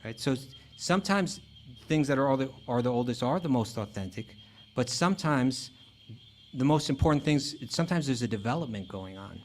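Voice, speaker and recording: A man giving a relaxed, conversational spiritual talk, with frequent fillers and restarts. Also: medium pitch, fairly quick, slight background noise. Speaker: spiritual teacher. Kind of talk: casual lecture.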